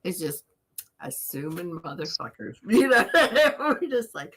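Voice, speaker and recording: A woman co-hosting a stream, telling crude stories with loud laughs and swearing. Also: on the low side, big pitch swings, a little slow, breathy edge. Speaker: stream co-host. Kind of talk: crass casual chat.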